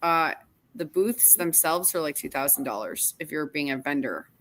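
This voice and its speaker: Bright-voiced upbeat woman. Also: low-pitched, expressive. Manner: upbeat and quick to laugh. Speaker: co-host reading viewer comments. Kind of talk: casual live-show chat.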